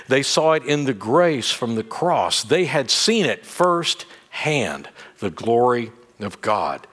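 A middle-aged man, a pastor, preaching a sermon in a conversational, animated way with light humor. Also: medium pitch.

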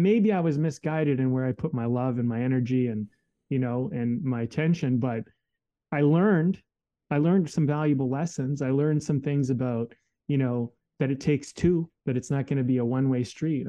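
A man's voice: mid-range voice, warm tone, highs cut off. A man telling a personal story in a casual, reflective way, candid and full of fillers and restarts.

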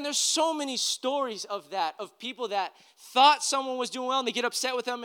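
A man delivers a sermon in a high, clear voice. He talks with the congregation in a casual, questioning way and climbs in pitch and force when he urges them on. His tone is bright and crisp. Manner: conversational, asks the congregation questions, rises in pitch and volume when exhorting. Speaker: pastor.

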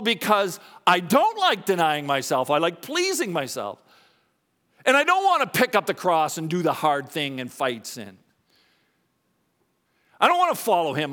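A pastor in his fifties preaching a sermon in a church, shifting between quiet confessional moments and raised emphatic points. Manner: animated preaching, swings between soft confessional lows and raised emphatic highs. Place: church sanctuary.

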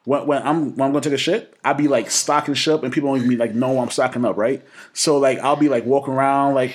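A man's voice: medium pitch, steady tone, quick pace. A man co-hosting a casual podcast, telling stories with stammered restarts and quoted voices. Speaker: podcast co-host. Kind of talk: casual chat.

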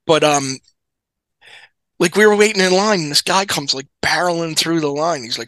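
A man with a bright, forceful voice trading wry stories on a podcast. He rambles through fillers and restarts. The sound is dry and close to the mic. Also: on the high side, expressive, brisk, no echo. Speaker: podcast co-host. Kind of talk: casual storytelling chat.

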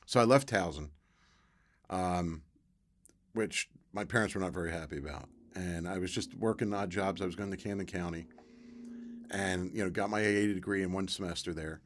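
A middle-aged man with a low voice tells a long personal story in a relaxed interview. He slips into the voices of the people he quotes and jumps up in pitch when he gets excited. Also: normal speed. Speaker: guest, former football player.

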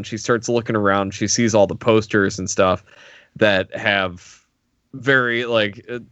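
A laid-back man recapping a TV episode in a casual podcast chat. His voice is low, and the recording is dry and a little dull and lo-fi. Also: fairly bright tone, no echo. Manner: laid-back, laughs often. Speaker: podcast co-host.

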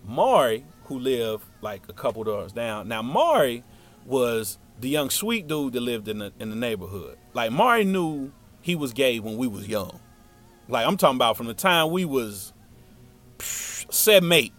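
Man storyteller, lively up-and-down delivery, loose slangy street talk, faint music under. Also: mid-range voice, a little slow. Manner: animated, slangy, lively telling. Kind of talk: casual spoken storytelling.

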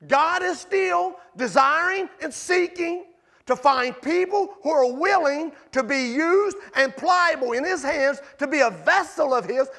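High-voiced preacher with shouted emphasis. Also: male voice, vocal fry. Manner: conversational asides to the congregation. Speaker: pastor. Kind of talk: sermon. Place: church sanctuary.

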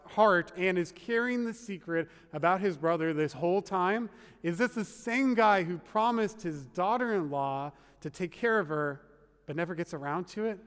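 A man's voice: sits high, a bit bright, clean tone. A man preaching a sermon as pastor in a conversational, wry way, full of asides. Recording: long reverb of a large hall.

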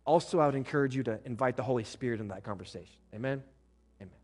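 A male pastor delivers a sermon to his congregation, blunt and full of joking asides, acting out the things spouses say to one another. His voice is medium-pitched with a darkish tone, and he talks at a racing pace.

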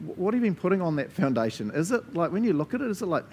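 Earnest New pastor, conversational. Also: male voice, high voice, sing-song, very fast, a little mellow, slight background noise. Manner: earnest and conversational, with frequent laughs and asides. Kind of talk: sermon.

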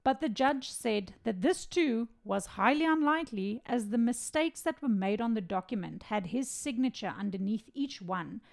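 True crime podcast lady, kinda high voice with lots of vocal fry, reads the case then chimes in bluntly. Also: lively intonation, normal speed, few pauses. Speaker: podcast co-host. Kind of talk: casual true-crime chat.

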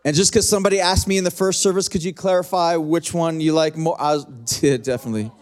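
A middle-aged man preaching a sermon as pastor, in a conversational, repetitive style that slows down to stretch key lines. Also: on the high side, steady tone, darkish tone.

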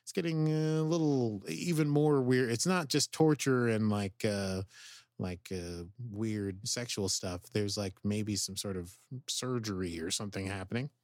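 A man co-hosting a podcast, recapping an episode in excitable, rambling casual chat full of "like". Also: fairly low pitch, unhurried, dry recording, clean studio sound. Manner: excitable, rambling, heavy use of "like". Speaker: podcast co-host.

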